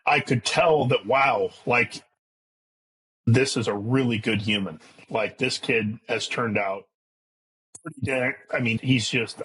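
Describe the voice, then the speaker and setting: A man with a husky, slightly rough voice speaks as a podcast guest. He tells a personal story openly and with feeling, acting out the voices of the people in it. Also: mid-range voice, a bit bright, rough recording. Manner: emotional, candid, quotes his son in dialogue. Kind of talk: candid conversational storytelling.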